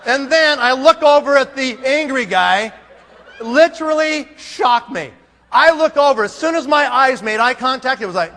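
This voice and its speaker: A man with a very high voice, speaking at a conference in a large hall, tells a funny story with lots of animation. He acts out the scenes and adds sound effects.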